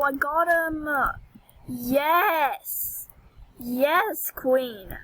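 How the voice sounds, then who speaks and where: Woman vlogger, high voice, unhurried delivery; theatrical, excitable gameplay commentary. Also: breathy edge, no room sound, low-quality recording. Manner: dramatic, squeals and whines over items. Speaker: gaming vlogger.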